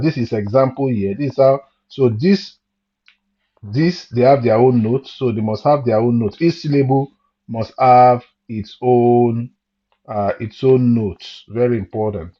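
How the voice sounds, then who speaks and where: Patient man teaching music theory, lo-fi. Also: mid-range voice. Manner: patient, repeats phrases, asks students questions. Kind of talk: online music theory lesson. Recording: dull lo-fi sound.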